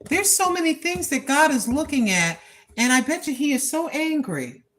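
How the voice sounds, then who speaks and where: A woman's voice: sits high, big pitch swings, normal speed, fairly bright tone, a little hiss or hum. An older woman talking casually and preachily while live-streaming on a walk, recorded on her phone. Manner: chatty, preachy, talks to herself. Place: outdoors on a walk.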